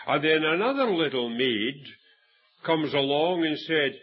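A man's voice: medium pitch, lively intonation, measured pace, slightly rough, muffled recording. A Scottish man preaching a sermon, telling a Bible story and acting out the quoted voices, with frequent restarts. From Scotland.

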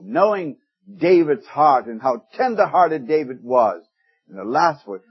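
A man preaching a sermon, telling stories in a folksy way, pushing up for emphasis and dropping soft for quoted words. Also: medium pitch, lively intonation, a little slow, slightly rough, lo-fi sound. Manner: folksy storytelling with rising emphasis and hushed quoted lines.

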